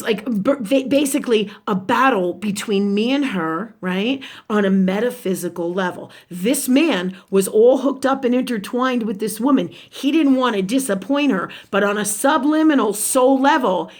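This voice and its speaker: A woman with a somewhat high voice tells a story straight to her audience in a loose, unscripted way. She swears freely and leans hard on emphasis, hosting her own spiritual talk stream. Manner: animated, profane, emphatic retelling. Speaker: spiritual livestream host. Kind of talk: casual storytelling monologue.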